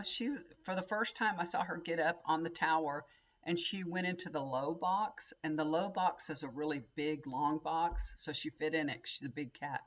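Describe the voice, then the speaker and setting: A woman's voice: deep voice, highs cut off. A woman chatting casually to her viewers, rambling, folksy and full of asides. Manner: chatty, folksy, addresses viewers as y'all, frequent laughs and asides. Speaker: tarot reader and vlogger. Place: home.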